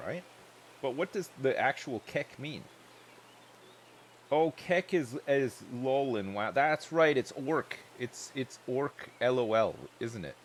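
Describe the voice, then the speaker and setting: Male streamer, loose, joking chatter, lively pitch, mid-range voice. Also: slight background noise. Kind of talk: casual chat while livestreaming a game.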